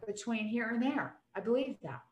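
A woman's voice: fairly high pitch, expressive, normal speed, muffled recording. A woman in her sixties, a preacher, telling stories in a casual chat in an earnest, emphatic way. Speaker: preacher and podcast guest. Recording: roomy echo.

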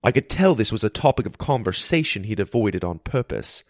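Male audiobook narrator, steady first-person read, low register. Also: brisk, dry recording, studio quality.

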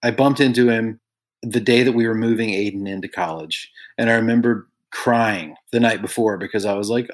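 A man's voice: mid-range voice, normal speed. A middle-aged man speaks as a podcast guest, earnest and reflective as he tells personal stories. He livens up when he quotes other people, then settles back into a thoughtful, conversational tone. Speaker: guest, songwriter and author. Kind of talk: conversational storytelling.

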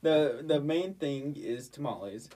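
A man's voice: mid-range voice, animated, measured pace, dark tone, far from the mic, a little hiss or hum. A man co-hosting a podcast, dropping dry teasing remarks in casual banter. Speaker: podcast co-host.

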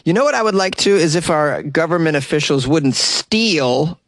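A man's voice: fairly high pitch, animated, moderate pace, fairly bright tone, no room sound, clean studio sound. A man hosting a casual comedic news commentary show, reading stories and cracking wry jokes, laughing at his own asides and stumbling over foreign names.

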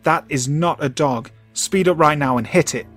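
A man voicing a panicked young man who yells hysterically and pleads over a walkie-talkie. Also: medium pitch, steady tone, a little fast, soft background music, lightly acted.

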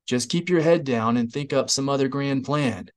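A man voicing a sardonic male rebel fighter who shouts sarcastic lines over a battle. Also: mid-range voice, normal speed, natural voice.

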